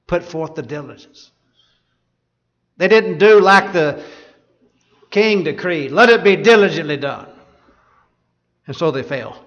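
A man's voice: fairly high pitch, expressive, a little slow, pauses often, fairly bright tone. A man preaching a sermon, reading scripture aloud and asking his listeners rhetorical questions. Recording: dull lo-fi sound.

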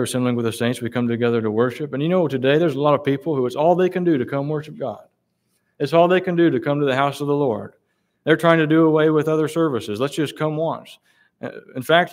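In this sermon, a man quotes King James scripture and challenges the congregation through slow, emphatic questions meant to make them think. He speaks at a medium pitch.

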